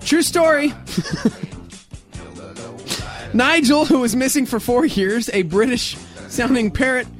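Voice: high-pitched, moderate pace, soft background music. A talk-show co-host in casual banter who speaks animatedly and laughs often.

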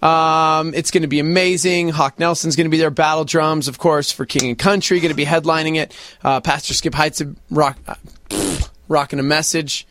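A man's voice: on the high side, fairly bright tone, slight background noise. A man hosting a radio show, chatting casually and laughing often. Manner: laughs often, quick and playful. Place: radio studio.

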